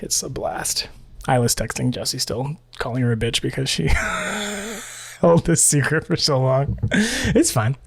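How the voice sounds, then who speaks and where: A man's voice: mid-range voice, lively intonation, unhurried, creaky, husky, dry recording. A man co-hosting a podcast in casual chat. He is bubbly, laughs often and rambles with restarts. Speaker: podcast co-host.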